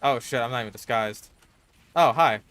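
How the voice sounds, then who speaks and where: A man's voice: medium pitch, moderate pace, a bit bright, smooth, no echo. Swearing young man gaming, dry sound. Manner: frustrated outbursts, swearing. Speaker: gaming streamer. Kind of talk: casual gameplay commentary.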